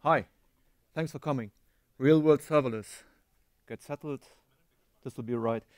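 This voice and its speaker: A man's voice: medium pitch, measured pace, a little mellow, no echo, studio quality. A man from Germany with a German accent, giving a tech conference talk on stage, self-deprecating and quizzing the audience. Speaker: conference speaker.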